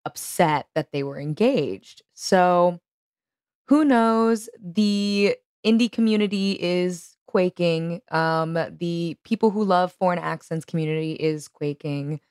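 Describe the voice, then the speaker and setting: A woman's voice: on the low side, slow, a little mellow, clean tone, no echo, clean studio sound. A young woman, a podcast producer co-hosting, chatting casually with frequent giggles and self-deprecating asides. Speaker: podcast producer and guest co-host. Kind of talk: casual comedic chat.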